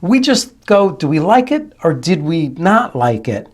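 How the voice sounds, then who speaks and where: A man's voice: on the high side, big pitch swings, measured pace. A man working as a dialect coach, explaining things and mimicking accents to make his points. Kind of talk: video analysis commentary.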